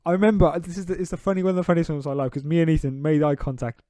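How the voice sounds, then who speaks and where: Young male podcast co-host, slightly high voice, dry close sound, casual laughing storyteller. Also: little pitch movement, rapid-fire, mellow, dry recording. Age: young adult. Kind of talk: casual chat.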